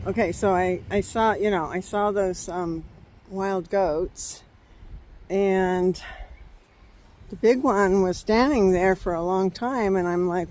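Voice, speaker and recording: A woman's voice: medium pitch, takes it slowly, a little mellow, slight background noise. Chatty woman vlogging outdoors on a trail. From California. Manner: chatty, rambling, laughs often. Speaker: travel vlogger. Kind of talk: casual vlog storytelling.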